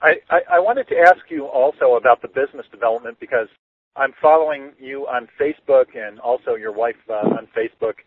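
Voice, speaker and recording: A man's voice: mid-range voice, brisk, breathy edge, no room sound. Guy hosting a podcast, easygoing and filler-heavy, tinny audio. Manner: loose, many fillers, upbeat. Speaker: podcast co-host. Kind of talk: casual podcast interview.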